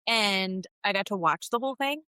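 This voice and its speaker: A woman's voice: mid-range voice, animated, moderate pace, sharp tone, clean tone, no echo, rough recording. A woman podcast co-host, casually telling a personal story and acting out quoted dialogue. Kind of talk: casual chat.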